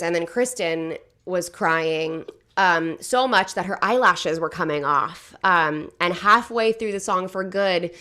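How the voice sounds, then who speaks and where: A young woman, a variety show cast member, telling a story in casual, animated chat full of fillers. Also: fairly low pitch. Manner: chatty, animated, filler-heavy.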